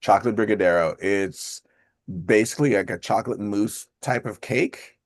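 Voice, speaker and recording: A man's voice: on the low side, moderate pace, no echo, studio quality. A man in his fifties hosting a group call, chatting casually in a rambling way and laughing often. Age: 50s. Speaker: host of an accountability call.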